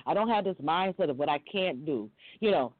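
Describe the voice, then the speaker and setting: A middle-aged woman from Long Island talks as a guest on a chat show. She is candid and animated and slips into high voices when she quotes people. Her pitch swings wide, and the audio is tinny, like a phone call. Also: a little fast, dry recording. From Long Island, New York. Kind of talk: casual interview storytelling.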